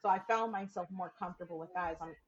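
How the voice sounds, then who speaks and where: A woman guest on a podcast, chatting candidly with frank, swear-filled, animated storytelling. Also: on the low side, quick pace, highs cut off. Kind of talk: candid casual chat.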